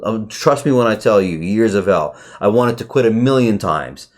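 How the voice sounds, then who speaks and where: A man talking casually through a trade review on his charts, excitable and swearing often, with sudden jumps in pitch. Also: normal speed. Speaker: trading educator.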